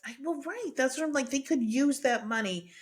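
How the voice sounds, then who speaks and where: A woman's voice: high voice, lively intonation, normal speed, husky. A middle-aged woman co-hosting a podcast in casual chat, rambling and laughing as she talks. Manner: chatty, rambling, many fillers and laughs. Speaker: podcast co-host.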